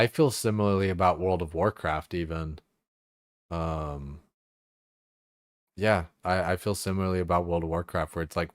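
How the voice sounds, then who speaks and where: A man's voice: low-pitched, no echo, studio quality. A man streaming games, rambling casually with lots of fillers and swearing. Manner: rambling, profane, filler-heavy. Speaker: game streamer.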